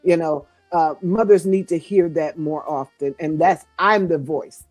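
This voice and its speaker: A woman's voice: deep voice, a little slow, darkish tone, no room sound, soft background music. An older woman guest speaking with fervent, sermon-like cadence, encouraging mothers. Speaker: guest co-author. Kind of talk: preaching-style encouragement.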